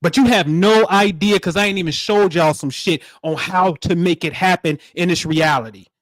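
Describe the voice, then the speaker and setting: A man hosting a spiritual livestream, talking in animated, preachy street slang. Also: sits high, moderate pace, no room sound, studio quality. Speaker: livestream host.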